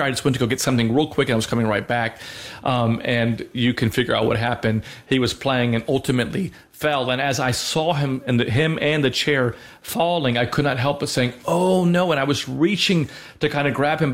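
A middle-aged man talks through faith lessons on a Christian radio show. He speaks earnestly, stopping and restarting often and filling pauses with small hesitations. His pitch sits in an ordinary middle range for a man. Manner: earnest, halting, many fillers and restarts. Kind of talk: conversational religious teaching.

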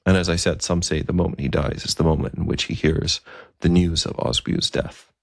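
A man telling a historical story in a relaxed, conversational way, with asides and fillers. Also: deep voice, brisk, vocal fry, no room sound, clean studio sound.

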